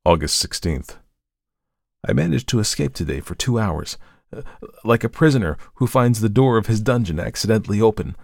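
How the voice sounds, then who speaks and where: Guy reading a story real intensely, dry close sound, kinda gravelly. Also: lowish voice, animated, brisk, no room sound. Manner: intense, swings from hushed dread to anguished outbursts. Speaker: story reader. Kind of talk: dramatic first-person story reading.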